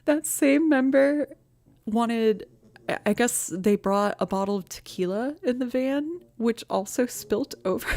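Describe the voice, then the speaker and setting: On a live stream from home, a woman musician chats and tells stories at an unhurried pace, her voice on the high side. She is animated and laughs often, turning soft and cooing when she talks to her pet.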